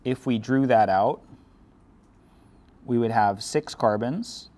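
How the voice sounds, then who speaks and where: A man with a medium-pitched, dark voice teaches chemistry slowly, breaking each point down step by step. His lecture style is casual, with a streak of dry sarcasm.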